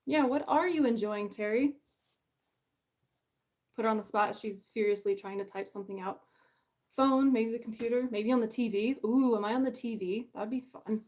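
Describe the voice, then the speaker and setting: A bubbly woman with a fairly high voice chats casually on a livestream while hosting her book launch. She is chatty and pokes fun at herself, and she laughs often. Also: moderate pace, a little mellow. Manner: bubbly, chatty, self-deprecating.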